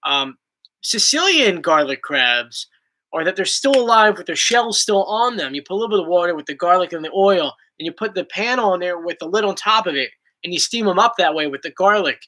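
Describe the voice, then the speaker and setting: Young male host, chatty and playful, bright and animated delivery. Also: high voice, fairly quick, rough recording. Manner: rambling, playful, reads comments aloud. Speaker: YouTube host. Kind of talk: casual chat reading viewer questions.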